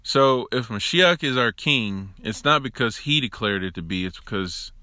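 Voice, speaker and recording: Lively bright-voiced man teaching Torah. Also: mid-range voice, moderate pace, dry recording, studio quality. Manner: conversational and emphatic, with asides. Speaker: religious teacher. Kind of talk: informal Torah teaching monologue. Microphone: his own recording device.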